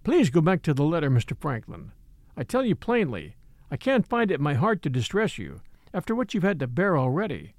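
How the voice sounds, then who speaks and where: A man's voice: on the high side, huge pitch swings, brisk, no room sound, clean studio sound. A man voicing a loyal elderly male house steward, speaking earnestly and confidentially. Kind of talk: audiobook character reading.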